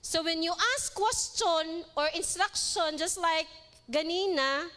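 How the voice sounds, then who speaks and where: High-voiced woman lecturer, Cebuano Filipino accent. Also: measured pace. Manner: animated, switches between English and Cebuano, jokes with the audience. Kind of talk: live seminar lecture.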